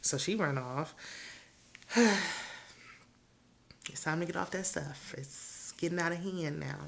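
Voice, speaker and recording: A woman's voice: deep voice, slow, creaky, slight background noise. A woman hosting a casual TV episode recap, chatty and opinionated, with laughing asides. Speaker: TV recap host.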